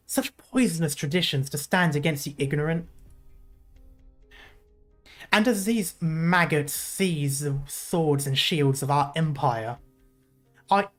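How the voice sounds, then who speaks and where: Using a mid-range voice, a streamer reads a game story aloud in character as a stern male emperor. He puts on a British accent and keeps the delivery solemn and formal.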